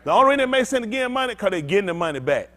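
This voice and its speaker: A man preaching a sermon-style teaching with call-and-response. He talks bluntly, swinging between loud emphatic outbursts and low muttered asides. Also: big pitch swings, racing. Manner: blunt, street-talking preacher. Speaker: pastor.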